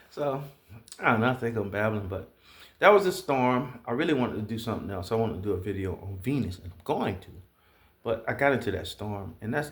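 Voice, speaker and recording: A man from Georgia, talking straight to his viewers in a blunt, profane, rambling monologue. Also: medium pitch. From Southeast Georgia, US. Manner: profane, blunt, animated storytelling. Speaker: vlogger.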